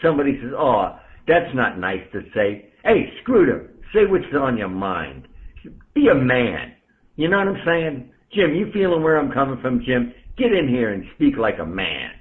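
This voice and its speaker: A man's voice: mid-range voice, sing-song, moderate pace. A man from the Bronx, a ham radio operator, ranting bluntly on air and calling out listeners by name. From the Bronx, New York. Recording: tinny radio transmission.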